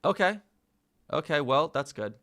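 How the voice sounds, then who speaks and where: An American man hosting a casual live chat, slowly sounding out words with many fillers and pauses. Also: a little high, big pitch swings, fairly bright tone. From United States. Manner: slow, hesitant, full of fillers, sounding out words. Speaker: livestream host learning Polish.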